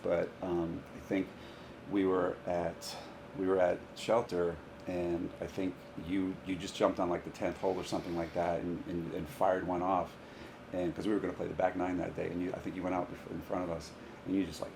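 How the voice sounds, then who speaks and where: A man, a high school golf coach, telling stories in a casual podcast chat and often laughing through them. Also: brisk, vocal fry, background noise. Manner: animated, laughs through his own stories.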